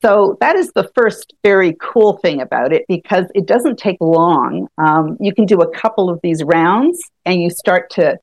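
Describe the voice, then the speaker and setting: A woman's voice: fairly low pitch, expressive, moderate pace, few pauses, dry recording. Woman chatting about tapping, laughs a lot, restarts her sentences, dry close sound. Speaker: EFT tapping practitioner, guest. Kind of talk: conversational explaining.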